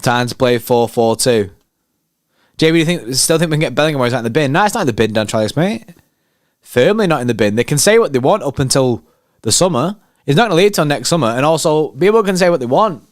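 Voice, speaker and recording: A man's voice: a little high, quick pace, no echo. Brief: male fan-channel host, hyped slangy watchalong banter, resonant voice, dry close sound. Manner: excitable, slangy, banter with chat. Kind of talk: live match watchalong commentary.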